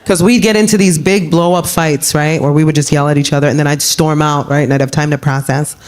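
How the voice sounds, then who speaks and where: A woman comedian performing a stand-up set on a club stage, animated and jumping into exaggerated voices for the people she quotes. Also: fairly quick. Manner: animated, acts out quoted voices with big pitch jumps. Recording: live club recording, audience laughter and room noise. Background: audience laughter.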